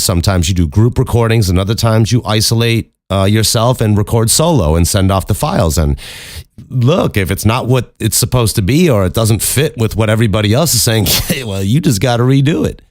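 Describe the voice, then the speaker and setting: Deep-voiced man hosting a casual podcast. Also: moderate pace, dry recording, studio quality. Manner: candid, profane, rambling with frequent restarts. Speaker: podcast host. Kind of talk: casual solo podcast talk.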